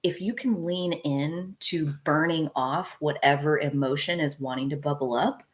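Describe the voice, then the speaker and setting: A woman's voice: sits low, moderate pace. A woman hosting an astrology talk, chatting casually and frankly, often laughing and filling with "like" and "dude". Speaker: astrologer host.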